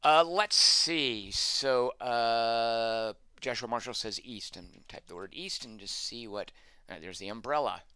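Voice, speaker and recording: A man's voice: mid-range voice, measured pace, pushed and bright, clean tone, no room sound. A man streaming a text adventure, reading the game text aloud and adding wry, sarcastic asides.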